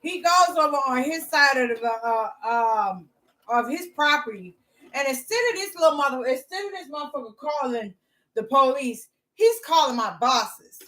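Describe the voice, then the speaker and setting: A woman's voice: high-pitched, normal speed, far from the mic, rough recording. Blunt, cussing woman telling a story. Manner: blunt, profane, lively. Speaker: vlogger. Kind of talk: casual storytelling to viewers.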